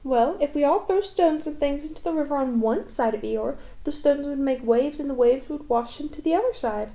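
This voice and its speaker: Gentle, hesitant toy bear, kindly, storybook , woman reading. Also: high-pitched, normal speed.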